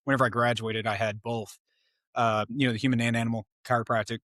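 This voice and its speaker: Man guest, lively rambling anecdotes, dry studio sound. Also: mid-range voice, fast, dry recording. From Oklahoma, US. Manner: animated, self-interrupting, laughs through stories. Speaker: animal chiropractor guest. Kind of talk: casual storytelling interview.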